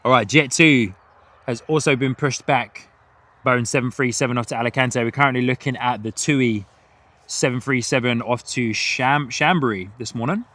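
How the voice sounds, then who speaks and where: A mid-range, slightly bright voice at a moderate pace belongs to this livestream host. He's a British man with an Australian and New Zealand twang who spots planes live outdoors at an airport, reading viewer messages and laughing and chatting often.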